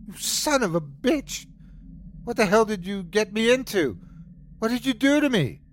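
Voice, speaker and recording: A man voicing a distraught, trapped subway rider who shouts and pleads in a raised, strained voice. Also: sing-song, extremely slow, slight background noise, heavily acted. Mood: furious shouting. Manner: shouting and pleading, pitch jumps high.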